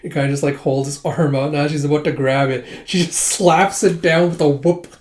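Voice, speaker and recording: A man's voice: a little high, fairly even intonation, brisk, darkish tone. A man casually retelling a manga in a chatty way, full of fillers and laughs. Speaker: manga readthrough host. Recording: roomy echo.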